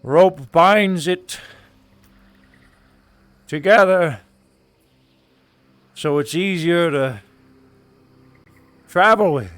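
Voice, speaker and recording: Male actor as a slow, meandering craftsman in a put-on British accent, voice a touch high, full of hesitations. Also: fairly bright tone, clean tone, no room sound, heavily acted. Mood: musing. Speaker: role-play character. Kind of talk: live-streamed role-play.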